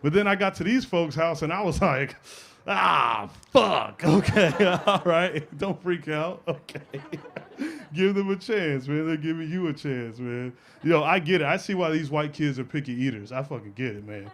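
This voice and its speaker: A man's voice: a little high, fairly quick, a little hiss or hum. A young adult man performing a brash, profane stand-up routine on a comedy stage, working the crowd. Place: comedy stage with a live audience laughing.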